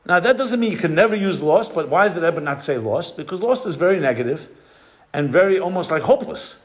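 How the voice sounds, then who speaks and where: A male rabbi teaching a class in a fairly high voice. He explains step by step, drops Hebrew and Yiddish terms into his talk, and often pauses to search for the right word. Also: lively intonation.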